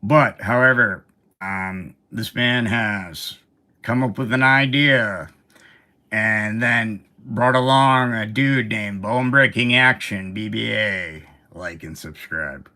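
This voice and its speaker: Male host, bright forceful tone, casual rambling collector chat. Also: on the low side, takes it slowly. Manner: rambling and animated, with fillers and side remarks.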